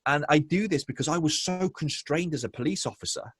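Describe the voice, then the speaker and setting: A man speaking as a business guest in a conversational interview, animated and acting out the people he quotes. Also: a little high, fairly quick, breathy edge, no echo, clean studio sound. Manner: animated storyteller, acts out quoted voices.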